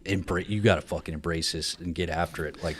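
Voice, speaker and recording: Low-voiced male guest, blunt and profane, confessional podcast storyteller. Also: steady tone, fast. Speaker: guest, veteran and co-founder. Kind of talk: candid podcast conversation.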